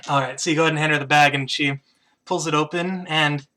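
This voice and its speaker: A man's voice: on the high side, steady tone, fast talker, sharp tone. A man narrating as game master of a tabletop game, describing scenes with fillers and chuckles.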